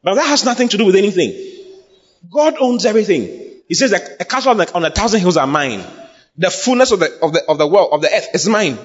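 High, lively, husky-voiced male preacher. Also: fast talker. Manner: emphatic and repetitive, building to shouts. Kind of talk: sermon. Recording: dull lo-fi recording with long hall reverb.

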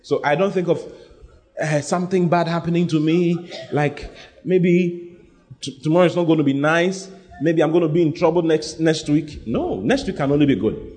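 A man's voice: fairly high pitch, normal speed, darkish tone. A man preaching a sermon, speaking emphatically, repeating his lines and having the congregation say them back. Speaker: pastor.

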